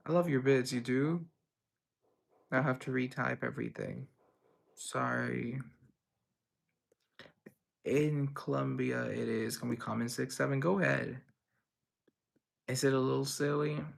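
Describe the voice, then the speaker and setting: A man's voice: medium pitch, vocal fry. A young man hosting a livestream, reading chat messages aloud and answering them in a rambling, playful way. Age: young adult. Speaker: livestream host.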